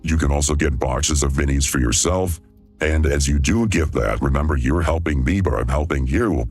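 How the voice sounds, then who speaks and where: A man hosting a livestream, talking in a smooth, laid-back way. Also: very deep voice, normal speed, a little mellow, faint music behind. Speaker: livestream host. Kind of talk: casual livestream chat.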